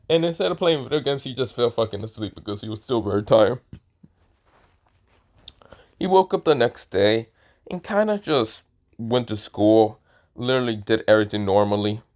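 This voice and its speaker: A man's voice: mid-range voice, darkish tone. A man improvising a story, rambling with crude words and repeated fillers, sleepy and yawning.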